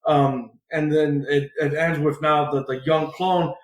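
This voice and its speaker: A man's voice: fairly high pitch, steady tone, measured pace. Rambling man in an echoey room. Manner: rambling, filler-heavy, swears freely. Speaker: podcast co-host. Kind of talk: casual comic book recap.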